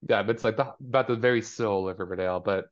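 A man's voice: lowish voice, fast. A man co-hosting a podcast, recapping a TV episode in casual chat, full of fillers. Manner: chatty, filler-heavy, throws in voices for characters. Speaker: podcast co-host. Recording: dull lo-fi audio.

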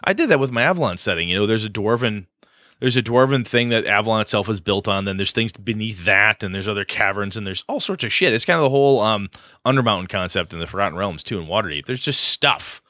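A man chats on a gaming podcast in a low, bright, forward voice. He rambles happily through fillers and restarts. The sound is close and dry. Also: animated, quick pace, no room sound. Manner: rambling, enthusiastic, lots of fillers. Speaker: podcast co-host. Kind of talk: casual podcast chat.

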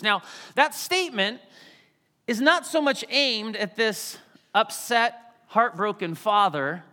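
Pastor, male, high bright voice, animated sermon delivery, long hall reverb. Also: unhurried. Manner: animated, acts out quotes in varied voices.

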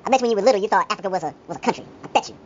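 A woman in casual podcast chat, talking in a fast, teasing, animated way. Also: mid-range voice. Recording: dull, slightly lo-fi with faint noise.

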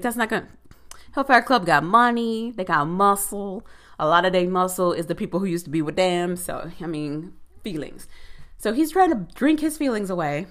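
Woman, mid-range pitch, sassy and profane casual show recap. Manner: sassy, profane, animated commentary; quick asides with filler words. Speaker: TV episode recapper.

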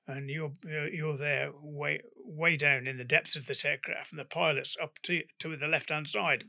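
An older man from the UK telling stories as an interview guest, his voice gravelly and bright, a little higher than most men's. He is animated and acts out the dialogue in his anecdotes. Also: moderate pace.

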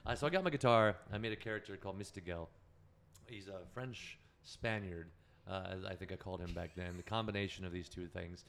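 Man, podcast guest, rambling profane storytelling, quick pace, gravelly voice. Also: low voice, a bit bright. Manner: rambling, profane, self-correcting. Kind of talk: casual chat, storytelling.

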